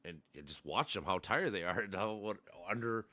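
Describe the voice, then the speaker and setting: Low voiced guy rambling and swearing a lot in casual chat. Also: animated, moderate pace, sharp tone. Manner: rambling, profane, restarts often. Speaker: podcast host.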